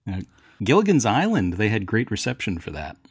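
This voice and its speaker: A man's voice: on the low side, wildly swooping pitch, brisk, slightly rough, no room sound, studio quality. A man on a podcast panel in jokey casual chat, restarting his sentences often.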